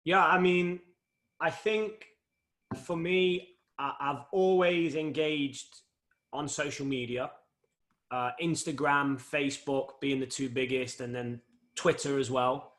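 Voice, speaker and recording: A man with an English Midlands accent speaks as a podcast guest, his voice sitting slightly higher. He answers in a measured, thoughtful way, pausing often with ums as he gathers his words. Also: fairly even intonation, fairly bright tone. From England. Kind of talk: conversational interview answers.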